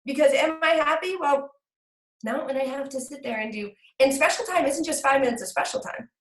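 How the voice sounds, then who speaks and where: A woman in her thirties speaks candidly and emotionally to her team, her voice sitting a bit high and leaping higher when she gets agitated. She swears casually, and the room around her sounds echoey. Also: fairly quick. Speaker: team leader sharing with her group. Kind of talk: candid talk to a team call.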